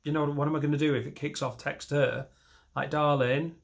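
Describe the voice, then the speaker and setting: A man's voice: a little high, fairly even intonation, a little fast, vocal fry. Self-mocking man in his thirties. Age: 30s. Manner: rambling and self-mocking, jumping into shouted voices for imagined scenes. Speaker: stand-up comedian. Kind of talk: stand-up comedy set. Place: comedy stage.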